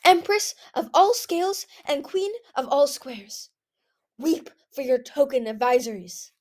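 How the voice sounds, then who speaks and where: A dreamy, odd young female dragon in a read-aloud storybook, as a woman puts her on. She drifts slowly through cryptic phrases, and the voice floats a little high. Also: a little mellow.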